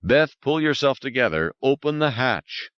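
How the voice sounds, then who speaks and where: A man's voice: medium pitch, sing-song, moderate pace, smooth, no room sound, muffled recording, pitched above the performer's own voice, natural voice. A man voicing a tense male psychologist, speaking urgently and insistently.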